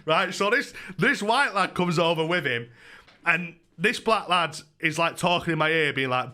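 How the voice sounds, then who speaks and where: Young streamer, excitable, profane storyteller, slightly high, bright, punchy voice. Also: male voice, moderate pace. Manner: profane, excitable, rambling with many restarts. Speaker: YouTuber streamer. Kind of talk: casual storytelling on a livestream.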